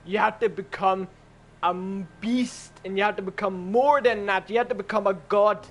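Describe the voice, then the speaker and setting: A man doing a deadpan Russian grandma. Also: sits high, normal speed. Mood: lecturing. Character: stern older Russian grandmother, stone-faced and scornful.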